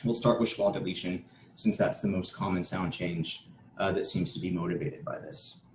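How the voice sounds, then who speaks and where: A man's voice: deep voice, steady tone, moderate pace. A man giving an academic conference talk, explaining steadily and restarting a word now and then. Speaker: conference presenter. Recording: echoey room with faint noise.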